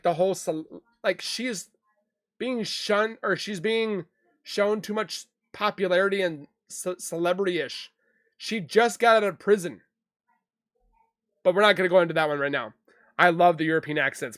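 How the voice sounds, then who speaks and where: A young man hosting a casual livestream, reading viewer comments aloud and reacting in a loose, chatty way with quick asides and restarts. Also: sits high, fairly bright tone, no room sound, clean studio sound. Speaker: livestream host reading chat. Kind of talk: casual live chat.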